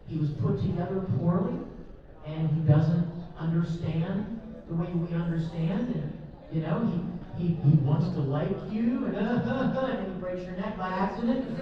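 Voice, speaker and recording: At a convention panel in a large room with an audience, a high-pitched male cartoon voice actor answers fan questions, telling stories chattily and laughing often. The footage comes from a camera in the audience, so the sound is distant, echoey and dull.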